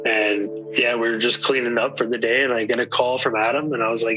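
A man in a documentary interview, retelling events in a quick, casual way. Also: mid-range voice, fairly even intonation, bright, forceful tone, faint music behind. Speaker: victim's son interviewed. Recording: dull lo-fi sound.

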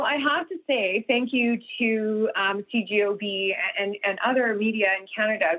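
A woman guest, a nutritionist and health coach, talks in an earnest way with many restarts in a live radio interview. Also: fairly high pitch. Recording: tinny phone line.

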